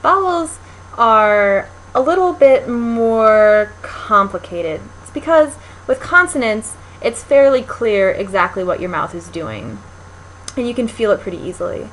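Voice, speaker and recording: A woman's voice: a little high, expressive, a little slow, a bit bright, slight background noise, poor audio. A young woman teaching a recorded linguistics lecture, explaining step by step with frequent ums and restarts. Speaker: linguistics instructor.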